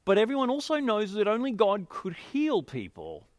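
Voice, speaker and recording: A man preaching a sermon, telling a scripture story and explaining it in an expressive, emphatic way. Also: high-pitched, moderate pace, no room sound, studio quality.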